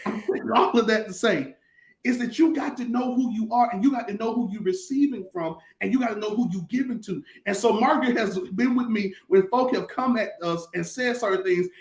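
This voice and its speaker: Pastor, male, high-pitched, emphatic colloquial teller; roomy recording. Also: a little fast. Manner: emphatic, repetitive, colloquial storytelling. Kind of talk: conversational talk-show teaching.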